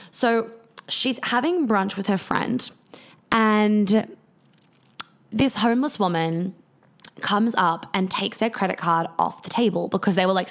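A woman speaking candidly to her viewers in a casual monologue, telling stories and swearing freely. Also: mid-range voice. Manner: candid, swears often, storytelling.

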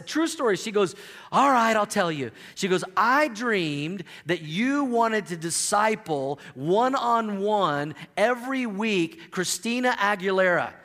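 A man's voice: high-pitched, expressive, moderate pace, fairly bright tone. A middle-aged man preaching a humorous sermon to a church congregation, telling stories and acting out the quotes. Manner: playful, storytelling, acts out quotes. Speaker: pastor. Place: church sanctuary. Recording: long hall reverb.

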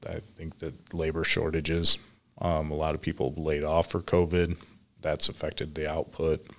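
Man with an extremely low voice, matter-of-fact, brief answers. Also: completely flat delivery, measured pace, fairly bright tone. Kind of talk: casual work chat.

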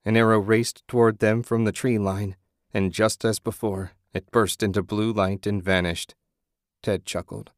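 A man giving steady, measured scripted narration of an audiobook. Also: fairly low pitch, no echo, studio quality.

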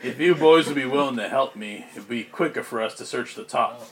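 A man voicing a gruff, blunt veteran demon hunter in a tabletop game. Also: mid-range voice, brisk, close to an everyday voice. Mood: grumbling. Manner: exasperated, blunt. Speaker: game master voicing a character.

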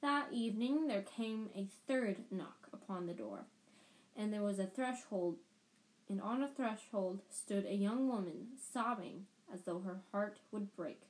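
A woman's voice: medium pitch, measured pace, rough recording. A woman reading a storybook aloud, often stumbling and restarting words. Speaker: podcast storyteller.

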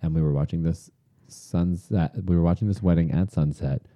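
A man from Long Island telling animated stories in a casual chat, peppering them with "like.". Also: sits low, moderate pace, no echo, studio quality. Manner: animated storyteller, lots of "like".

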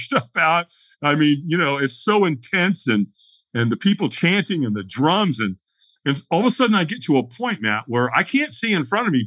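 Animated husky man telling a story. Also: a little high, dry recording. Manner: dramatic, acts out the scene in voices. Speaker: guest.

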